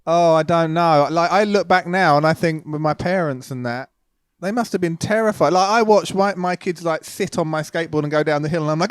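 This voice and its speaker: A man in his forties, a guest musician talking frankly and with animated humor in a casual interview from home. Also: a little high, clear, resonant tone, dry recording, studio quality. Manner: frank, animated, quick to joke. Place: home, remote call.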